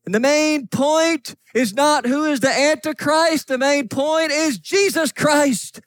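High-voiced fervent male preacher. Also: slow pace. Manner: fervent, rising to shouts on key points. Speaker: pastor. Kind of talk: sermon reading scripture.

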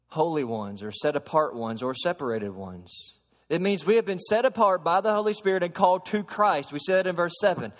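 A man preaching a sermon to a congregation, shifting from soft explaining to loud, emphatic preaching and asking them questions. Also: high voice. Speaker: pastor. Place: church sanctuary. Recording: long hall reverb.

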